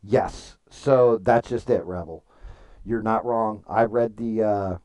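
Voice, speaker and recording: A man's voice: fairly low pitch, slow pace, dark tone. A man streaming and chatting casually, telling rambling stories, swearing freely and answering viewers' comments. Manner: rambling storytelling, swears freely, reads chat aloud. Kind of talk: casual livestream chat.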